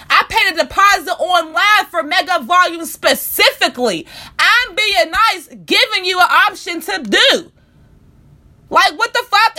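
A woman's voice: very high-pitched, bright, forceful tone. A young woman telling an angry, profane storytime rant about a bad salon visit. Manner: profane, heated, repetitive rant.

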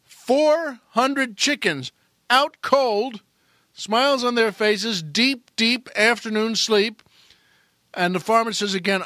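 A man tells a long comic joke in a high, bright voice that pushes forward with energy. He restarts phrases and calls out to the listeners as he goes. The sound is close and dry, like a studio. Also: slow pace, no room sound. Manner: animated storyteller with frequent restarts. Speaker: comedian and podcast host.

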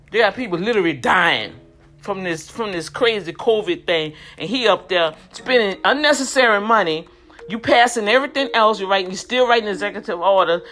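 A woman's voice: lowish voice, a bit bright. A woman in her fifties giving heated, indignant commentary straight to her viewers, often repeating words as she gets worked up. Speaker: vlogger.

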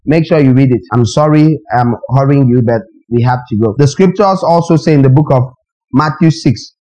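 A man's voice: medium pitch, normal speed, mellow, low-quality recording. A man preaching a sermon as a pastor, emphatic and questioning his congregation directly.

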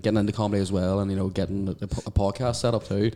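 Low-voiced quick Irish comedian. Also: male voice, steady tone, dark tone, a little hiss or hum. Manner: swears freely, blunt and joking. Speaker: podcast guest, comedian. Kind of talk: casual podcast chat.

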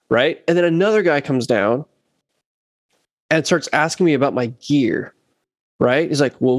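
Animated man telling a gig story. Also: on the high side, no room sound, clean studio sound. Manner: animated, acts out quotes of others. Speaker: bass player telling a story. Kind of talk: casual chat, storytelling.

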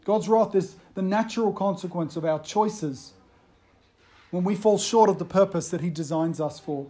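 An earnest preacher with a mid-range voice works through a sermon point by point. The delivery is explanatory and steady, and quoted passages are read aloud within the talk. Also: medium pitch, moderate pace.

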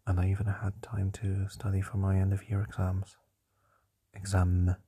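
A young man whispers his nightly podcast diary while lying down, keeping quiet for housemates asleep nearby. His voice is low, dark and very breathy, and he talks slowly and flatly, pausing often on fillers. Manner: soft whispering, hesitant with many fillers. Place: lying down in a shared home at night.

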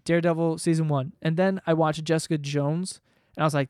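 Male vlogger, 20s, slightly high voice, profane rambling rant. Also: steady tone, a little fast, darkish tone, clear, resonant tone, no room sound, studio quality. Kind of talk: casual rant to camera. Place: home room below living room.

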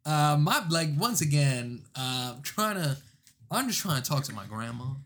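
A man's voice: medium pitch, very animated, moderate pace, fairly bright tone. A young man chatting casually in a laid-back way, telling stories with slang asides. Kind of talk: casual chat.

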